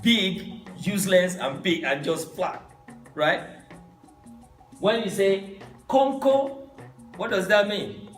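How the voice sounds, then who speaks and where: Animated man teaching from afar. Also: high-pitched, takes it slowly, long pauses. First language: Yoruba. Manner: animated, quizzing students, swoops up on key words. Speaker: Yoruba language teacher. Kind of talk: classroom teaching. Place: classroom. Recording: echoey room, distant mic, faint music.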